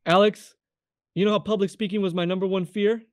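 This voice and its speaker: A young man with a high, light voice tells his faith testimony as a guest. He talks animatedly and acts out the people in his story. The sound is close and dry, with no room echo. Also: fairly quick. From California. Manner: animated, acts out quoted voices, addresses the host by name often.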